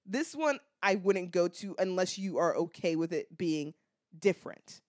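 A woman's voice: lowish voice, lively intonation, measured pace. An American woman co-hosting a podcast, talking in a casual, reflective way with lots of "like" fillers. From United States. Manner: chatty, many "like" fillers, reflective. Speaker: podcast co-host. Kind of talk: casual chat.

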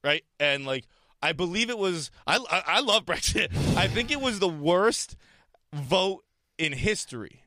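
Male co-host, lively and swooping, dry close sound, giggly crude rants. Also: high-pitched, measured pace, no echo. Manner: laughs a lot, animated, crude jokey rants. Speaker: podcast co-host. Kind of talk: casual chat.

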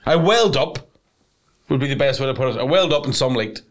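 Brief: Northern Irish male podcast co-host, animated comic storyteller, mid pitch, swears freely. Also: quick pace. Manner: animated storyteller, swears a lot, bursts into put-on voices. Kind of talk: casual comedic chat.

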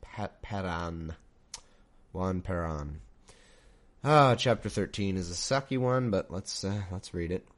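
A man's voice: deep voice, expressive, slow. A man reading scripture aloud and breaking off into wry, mock-incredulous comedic asides. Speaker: scripture reader and commentator. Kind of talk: comedic Bible reading with commentary.

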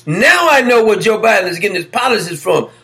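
Brief: male show host, high gravelly voice, sarcastic commentary. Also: expressive, fairly quick, bright, forceful tone. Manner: mocking, sarcastic, often laughing. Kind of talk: opinionated political commentary.

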